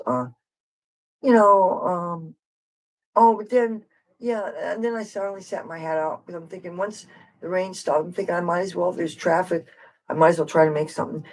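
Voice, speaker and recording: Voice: medium pitch, low-quality recording. An adult streamer talks off the cuff to viewers in a loose, meandering flow. The speech drifts from one subject to the next with frank, slightly wry asides. The tone stays casual and unpolished. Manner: rambling and digressive, jumps between topics. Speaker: livestream host and street guitarist. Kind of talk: casual rambling livestream chat.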